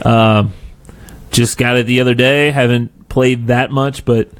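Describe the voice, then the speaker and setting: A man's voice: medium pitch, fairly even intonation, measured pace, clear, resonant tone. Male podcast co-host, mid-range voice, loose and rambling. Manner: rambling, restarts often. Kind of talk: casual chat.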